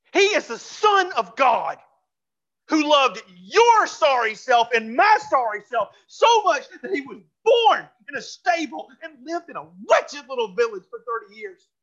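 A pastor preaching a sermon in a church, fervent and repeating phrases for emphasis, dropping to a hush for closing pleas. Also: high-pitched, highs cut off. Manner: drops to a hushed voice for closing pleas. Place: church sanctuary.

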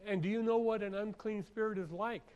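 Male preacher, slightly high voice, reads a passage then talks it through, repeats key lines, clears his throat a lot. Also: normal speed, darkish tone, rough recording. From San Francisco area. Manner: reads scripture then explains it conversationally, repeats phrases for emphasis. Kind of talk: expository sermon.

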